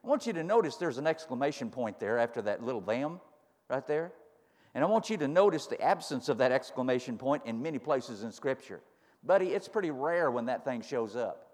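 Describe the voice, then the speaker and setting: High-voiced preacher in a reverberant hall. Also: male voice. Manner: rising to fervent emphasis, folksy retelling with repeated phrases. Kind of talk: sermon.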